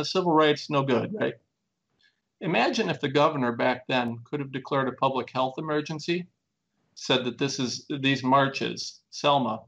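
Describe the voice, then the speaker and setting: This man, a plaintiff in a lawsuit, has vocal fry and a fairly bright tone, though the audio sounds dull. In a conversational interview he speaks earnestly and emphatically, pressing his points with repeated questions as his pitch builds and rises.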